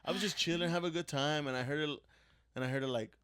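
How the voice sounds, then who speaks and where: Man, podcast co-host, somewhat high voice, jokey, says dude a lot, drops in Spanish. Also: fast talker, a bit bright, clean tone. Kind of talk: casual chat.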